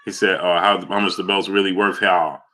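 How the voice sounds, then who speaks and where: A man hosting a casual boxing livestream from New York, reading super chats and shouting out viewers by name in loud bursts. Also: deep voice, level tone, brisk.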